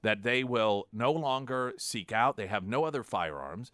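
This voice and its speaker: A man's voice: medium pitch, animated, normal speed, a bit bright, dry recording. A male talk radio host giving sarcastic, mocking political commentary in a studio. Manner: sarcastic, mocking, with frequent restarts. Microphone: studio microphone.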